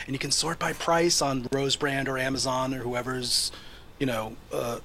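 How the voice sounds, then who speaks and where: Man, guest, rambling with fillers, bright crisp tone, faint background noise. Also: medium pitch. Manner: rambling, thinks aloud with many fillers. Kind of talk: casual panel chat.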